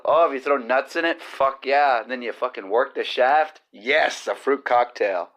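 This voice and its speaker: Speaking at a normal speed in a mid-range, slightly bright voice, a podcast host delivers a crude comedic monologue full of profane jokes. He records in his home kitchen with cooking going on.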